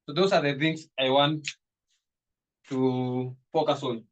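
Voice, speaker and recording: A man's voice: mid-range voice, steady tone, slow. A man teaching accounting, repeating his points with emphasis. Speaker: accounting tutor. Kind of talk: classroom lecture.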